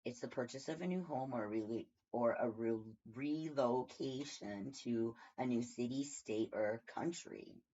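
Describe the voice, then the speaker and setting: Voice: mid-range voice, unhurried, few pauses, warm tone. A tarot reader giving a casual daily reading from home, rambling and thinking aloud with many fillers. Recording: dull lo-fi recording.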